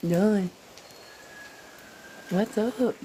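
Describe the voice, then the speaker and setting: A woman's voice: mid-range voice, dark tone, slight background noise. A woman hosting a casual livestream, greeting viewers by name in a loose, slightly sleepy way. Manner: slightly slow and drowsy, just woke up. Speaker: livestream host.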